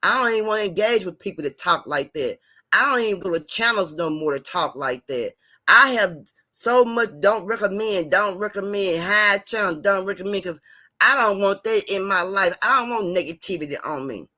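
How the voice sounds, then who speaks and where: A woman's voice: mid-range voice, animated, normal speed, pushed and bright. A woman hosting her channel, lecturing viewers in a repetitive, emphatic, preachy monologue. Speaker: channel host.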